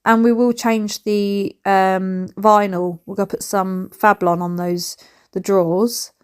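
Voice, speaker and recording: A woman chats away in a home vlog, rambling and excitable as she tidies a bedroom. Her voice sits at an ordinary middle pitch. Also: takes it slowly, clean tone. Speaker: home vlogger and mother.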